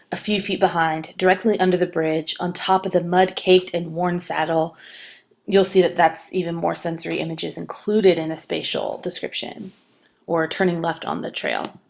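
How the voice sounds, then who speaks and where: A woman's voice: lowish voice, creaky. A woman giving a recorded writing lecture, explaining patiently with some fillers and restarts. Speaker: writing instructor.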